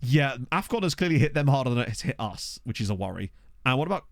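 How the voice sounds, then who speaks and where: A man giving casual, excitable let's-play commentary, chatting to his viewers from a desk mic. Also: medium pitch, fast, creaky, no echo, clean studio sound. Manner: chatty, excitable, talks to chat. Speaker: game streamer. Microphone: desktop USB microphone.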